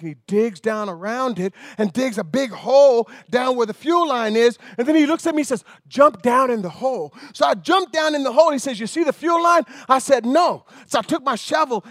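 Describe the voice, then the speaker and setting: A man preaching a sermon as an animated, rambling storyteller. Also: extremely high pitch, no echo, clean studio sound.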